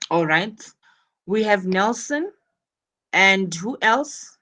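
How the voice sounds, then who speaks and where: A woman teaching an English lesson online, explaining slowly and repeating her key points. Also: mid-range voice, lively intonation, pushed and bright.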